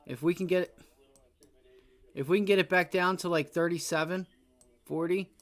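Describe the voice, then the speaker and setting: A man's voice: high-pitched, fairly even intonation, normal speed. A young man giving live trading commentary on a stream, frustrated, swearing and repeating his exclamations. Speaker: day trader streaming live.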